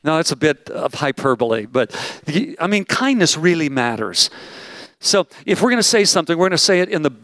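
A man giving a pastor's conference talk in a slightly high voice, recorded dry and close. He speaks with emphasis and repeats his main points. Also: very animated, brisk, a bit bright, dry recording. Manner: emphatic, repeats key phrases. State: out of breath. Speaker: pastor leading a conference session. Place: large room with audience.

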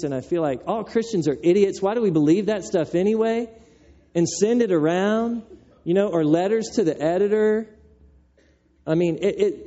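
A man preaching a sermon as pastor, telling the story in a conversational, animated way, on a dull lo-fi recording. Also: high voice.

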